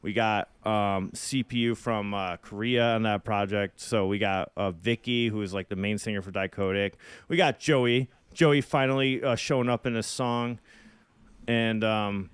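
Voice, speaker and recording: A man's voice: lowish voice, fairly even intonation, normal speed, clear, resonant tone, dry recording. A young man co-hosting a podcast, rambling casually and swearing now and then. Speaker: podcast co-host and musician. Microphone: phone.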